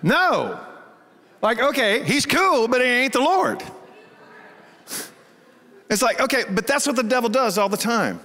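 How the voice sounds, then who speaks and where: A pastor from Texas with a Texas accent, preaching in a folksy, animated storytelling style and acting out the voices in his stories. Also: high-pitched, measured pace. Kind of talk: storytelling sermon. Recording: reverberant church hall.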